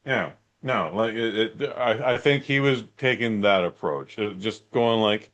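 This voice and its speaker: A man's voice: lowish voice, measured pace, few pauses, a bit bright. A middle-aged man co-hosting a podcast in laid-back, joking banter. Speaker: podcast co-host. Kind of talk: casual chat.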